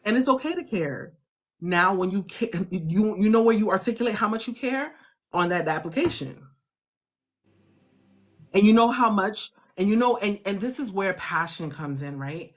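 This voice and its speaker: A husky-voiced woman hosts a casual coaching chat. She is animated and preachy, throws in slang, and pushes her listener hard, with pitch that jumps high whenever she gets fired up. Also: normal speed. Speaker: host.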